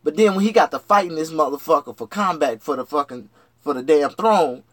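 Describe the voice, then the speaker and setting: A man rambling through a profane, casual vlog monologue. He jumps from shouted outbursts to low mutters. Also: animated, brisk, no room sound. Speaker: vlogger.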